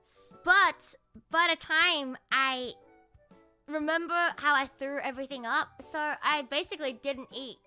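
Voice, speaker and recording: A young woman streaming, telling a story in a high, bright voice. She swears freely, laughs often and jumps up in pitch to mimic other people. Faint music plays underneath. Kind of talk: casual livestream storytelling.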